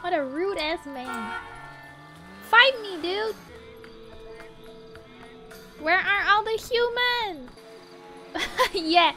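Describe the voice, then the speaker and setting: A woman's voice: very high-pitched, big pitch swings, very slow, long pauses, music in the background. A young woman streaming a game, giggling and squealing as she role-plays as a puppy. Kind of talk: playful gaming stream.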